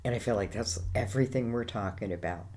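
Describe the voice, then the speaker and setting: A woman's voice: rumbling low, fast, mellow, a little hiss or hum. An Irish woman giving a casual, rambling tarot reading, full of fillers like "you know" and "I feel like". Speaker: tarot reader.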